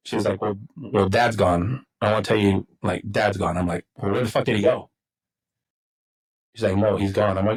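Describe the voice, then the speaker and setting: A man's voice: lowish voice, steady tone, moderate pace, breathy edge, poor audio. A middle-aged man from Texas, a podcast guest and football coach, telling personal stories in casual talk, swearing freely and acting out what people said. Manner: swears freely, acts out quotes, rambling. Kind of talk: casual storytelling.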